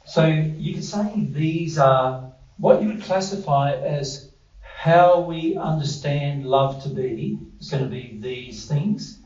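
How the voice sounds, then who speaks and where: A man with a somewhat high voice runs a group workshop, asking his listeners questions and joking at his own expense. He sounds distant from the mic, with a roomy echo around him. The audio is dull and lo-fi. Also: slow pace, a little mellow. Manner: conversational, quizzes the audience, self-deprecating asides. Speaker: workshop presenter. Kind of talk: interactive group teaching. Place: indoor room with a group. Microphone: distant room mic.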